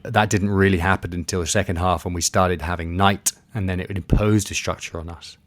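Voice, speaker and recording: A man's voice: sits low, steady tone, fairly quick. A man being interviewed about a sea kayaking expedition, telling it casually with many fillers and restarts.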